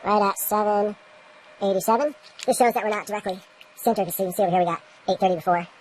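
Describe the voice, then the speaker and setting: A woman films a casual how-to vlog in her indoor grow room, showing light readings as she rambles to the camera and mutters at her equipment. Her mid-range voice is fairly even, quick and a little mellow, and the poor audio carries some hiss or hum.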